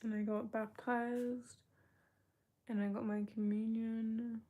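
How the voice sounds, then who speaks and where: A young woman hosting a livestream chats casually with her chat, reading out and answering comments and laughing often. Her voice is on the high side and mellow, with a flat delivery and a slow pace. The recording sounds muffled.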